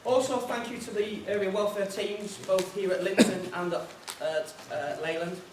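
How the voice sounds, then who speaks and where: A man's voice: high voice, steady tone, normal speed. A man hosting a seminar, telling an anecdotal joke and giving housekeeping notes in a chatty storytelling way. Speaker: seminar organiser and host. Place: conference room on an air base. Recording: roomy hall from far off, noisy.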